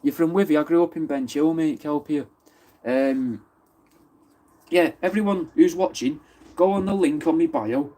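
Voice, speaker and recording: A man's voice: on the high side, moderate pace, pauses often, dark tone. A man from Manchester with a Mancunian accent, chatting casually on a live stream, answering viewers' comments and swearing freely. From Wythenshawe, Manchester. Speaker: livestream host.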